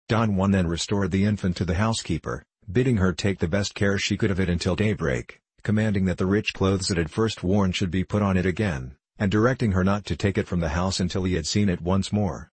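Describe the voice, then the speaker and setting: A man narrating an audiobook in a steady, even reading with a husky voice. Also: low voice, fairly quick, hardly any pauses, dry recording.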